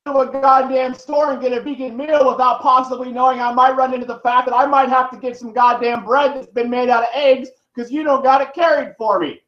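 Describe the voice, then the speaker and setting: A man's voice: extremely high pitch, fairly even intonation, fairly quick, hardly any pauses. A man vlogger in pain, delivering a heated, profane, rambling rant to the camera. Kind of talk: angry direct-to-camera rant. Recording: echoey room, dull lo-fi sound.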